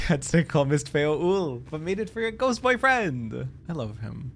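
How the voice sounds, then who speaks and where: A woman's voice: low voice, sing-song, unhurried. A woman streaming a game, chatting playfully and goofily with her viewers. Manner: playful, goofy, chats with viewers. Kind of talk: casual livestream chat while gaming. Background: game music.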